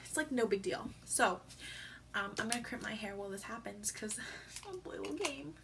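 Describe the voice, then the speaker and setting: A woman's voice: mid-range voice, lively intonation, moderate pace, gravelly, background noise. A teenage girl talking casually on her vlog, rambling with lots of fillers and sounding teary after crying. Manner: rambling, filler-heavy storytelling. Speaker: vlogger.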